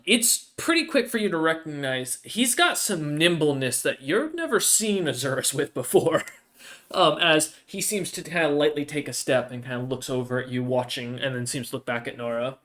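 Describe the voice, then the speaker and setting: A man running a tabletop game as game master. He narrates the scene in a rambling way, full of ums and restarts. His voice sits a little high for a man. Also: lively intonation, moderate pace, sharp tone. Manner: rambling, hesitant, filler-heavy.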